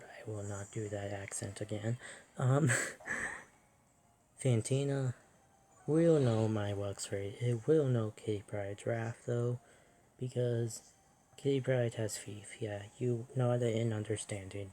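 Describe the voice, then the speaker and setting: A soft-spoken person musing aloud while playing a video game, often self-deprecating. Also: medium pitch, a little hiss or hum. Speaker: let's play host.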